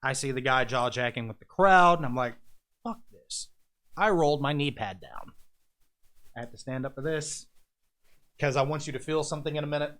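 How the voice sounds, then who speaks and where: A man's voice: on the high side, fast, fairly bright tone. A man telling a story in a casual podcast chat, acting out the scenes with quoted voices and sound effects, and often laughing as he talks. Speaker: podcast guest, independent wrestler.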